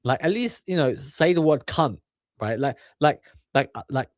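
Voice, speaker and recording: A man's voice: on the high side, lively intonation, normal speed, no room sound, clean studio sound. A man ranting in crude, swear-filled commentary, stacking up filler words as he goes. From England. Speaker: commentary channel host.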